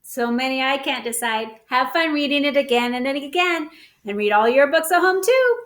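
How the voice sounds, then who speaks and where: A woman hosting storytime, reading a picture book aloud to children in an animated, coaxing way with gasps and exclamations. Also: high-pitched, moderate pace, roomy sound. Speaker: storytime host.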